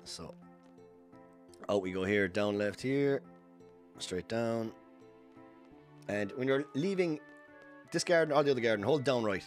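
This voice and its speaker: Over soft background music, a man streams a speedrun, walking viewers through each step as he plays and chatting casually between instructions. His voice sits at medium pitch with lively intonation, a measured pace, and long pauses in this live gameplay commentary.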